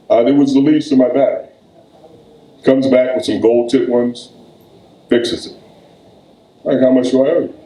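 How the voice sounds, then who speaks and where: A man, a poet reading his work at a live event, with slow, weighty delivery and loose conversational storytelling between poems. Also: medium pitch, dark tone, slight background noise. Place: event room. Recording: echoey room.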